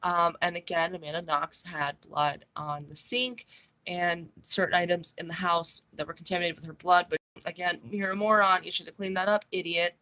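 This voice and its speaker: A woman delivers an opinionated true crime monologue to her viewers. She is blunt, profane and scornful, and her voice sits a little low. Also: fairly even intonation, normal speed, bright, forceful tone. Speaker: vlogger.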